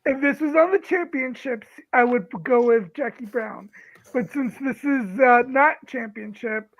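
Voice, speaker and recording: A man's voice: very high-pitched, a little slow, fairly bright tone, poor audio. A man on a casual podcast panel who speaks in a plain, matter-of-fact way.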